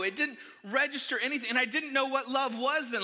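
A man preaching a sermon, telling a funny self-deprecating story from his childhood to the congregation in an animated way. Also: very high-pitched, fast, hardly any pauses. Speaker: pastor. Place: church sanctuary. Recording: long hall reverb.

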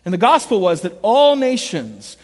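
High-voiced animated male preacher. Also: moderate pace. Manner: animated storytelling, shifts between loud acted quotes and quiet earnest asides. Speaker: pastor. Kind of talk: sermon. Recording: long reverb of a large hall.

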